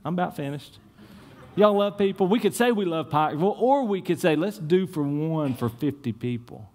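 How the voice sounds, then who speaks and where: A man preaching a sermon in church, telling stories with lively swings and dropping to a hushed tone for prayer. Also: a little high, normal speed. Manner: animated storytelling, repeats words, drops to a hushed tone in prayer. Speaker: pastor.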